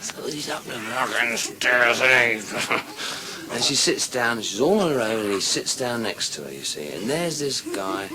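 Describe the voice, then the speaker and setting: A man's voice: medium pitch, expressive, moderate pace. A male stand-up comedian telling crude, swear-filled jokes on stage. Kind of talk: live stand-up joke telling. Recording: live show with loud audience. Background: loud crowd laughing.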